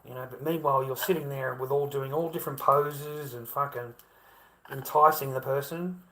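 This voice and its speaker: A man's voice: mid-range voice, steady tone, normal speed, fairly bright tone, slight background noise, low-quality recording. A middle-aged Australian man ranting casually to camera, rambling and heavy with profanity. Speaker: vlogger.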